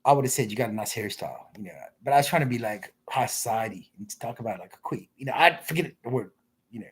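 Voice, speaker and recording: A man with a very husky, breathy voice rambles through crude, off-the-cuff commentary. He mumbles and trails off into low asides, then bounces back with a lively, swinging pitch. His talk keeps interrupting itself. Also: fast talker.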